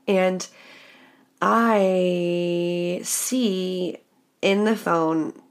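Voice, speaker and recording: A young woman hosting a podcast, telling a personal story in a candid, expressive way and swearing freely. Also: lowish voice, very slow. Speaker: podcast host. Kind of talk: casual storytelling monologue.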